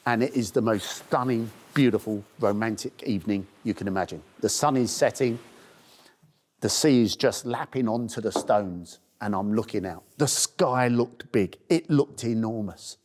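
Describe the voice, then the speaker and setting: A man's voice: on the low side, unhurried. A middle-aged man from the UK telling the story of his charity walk in a spoken diary, acting out the people he met. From United Kingdom. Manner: storytelling, animated voices for people he meets.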